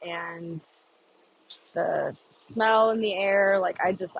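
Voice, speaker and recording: A woman's voice: fairly low pitch, slow pace, gravelly, pauses often, slight background noise, low-quality recording. A woman chatting casually on an outdoor livestream, rambling and answering viewer comments. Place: outdoors on a humid morning.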